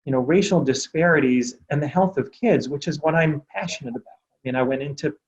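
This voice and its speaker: A man's voice: fairly high pitch, a little fast, highs cut off. A middle-aged man, a pediatric doctor, earnestly telling a story from his training in an interview. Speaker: pediatric doctor, healthcare executive. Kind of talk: interview answer, personal story.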